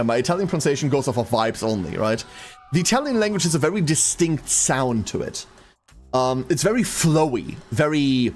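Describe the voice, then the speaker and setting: Man, livestream chat, higher voice, lively pitch swings, chatty. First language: German. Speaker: game streamer.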